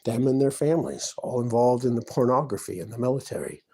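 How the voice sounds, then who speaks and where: In a fast, creaky, mid-range voice with a darkish, slightly rough tone, a vlogger holds forth in his apartment. He is distressed and feels wronged, and his rambling monologue to camera moves from grievance to grievance.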